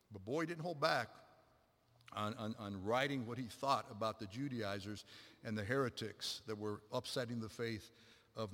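A middle-aged man preaching a sermon, animated, acting out quotes and swinging between loud and hushed passages. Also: on the low side. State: a little out of breath. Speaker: pastor. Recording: long hall reverb.

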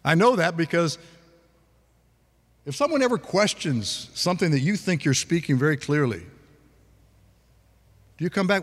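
A man preaching a sermon in a relaxed conversational way, asking the congregation questions. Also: a little high, normal speed, long pauses, breathy edge, long reverb tail. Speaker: pastor.

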